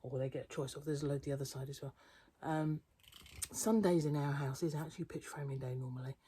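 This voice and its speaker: Half-whispering on an early-morning vlog, a quilter walks through her outdoor garden and into an indoor cupboard, chatting affectionately and occasionally speaking to her cat. Her voice is low-pitched, steady and husky, and she talks fast, recorded on a handheld phone with birdsong and faraway traffic behind her.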